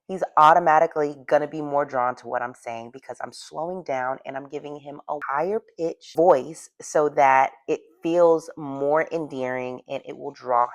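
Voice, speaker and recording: A young woman with a naturally deep, low voice, speaking slowly and deliberately as a relationship coach. Her softened delivery is close and dry, with no room sound. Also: no room sound. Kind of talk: advice video.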